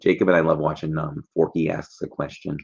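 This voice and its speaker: A man's voice: very deep voice, flat delivery, fairly quick, vocal fry, slightly rough, dull audio. A man hosting a casual trivia livestream, chatty and jokey, rambling between questions.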